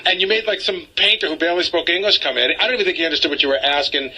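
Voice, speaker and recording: An animated middle-aged man telling a story on a radio talk show, a little indignant. His voice is high and very bright with a husky edge, and he talks fast. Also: rough recording.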